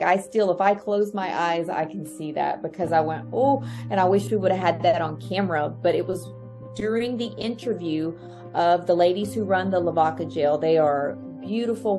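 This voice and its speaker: A woman guesting on a podcast, telling a ghost-hunting story in a lively, chatty way and acting out her own reactions. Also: normal speed, over music. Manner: lively, acts out her own reactions with sharp rises in pitch. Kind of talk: animated storytelling in a casual chat.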